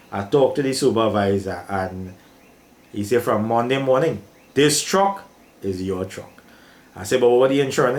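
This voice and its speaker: A man's voice: mid-range voice, brisk. Older trini man telling a heartfelt story, keeps saying boy, echoey room. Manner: emotional, repetitive, calls listener "boy". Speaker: guest telling his life story. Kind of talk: casual storytelling.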